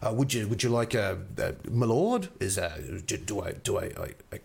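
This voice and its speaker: A man's voice: fairly low pitch, sing-song, moderate pace, gravelly, a little mellow, husky, pitched below the performer's own voice, full character voice. A man voicing a flustered working-class bartender who stammers and fumbles over how to address a lord. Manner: stammering, deferential.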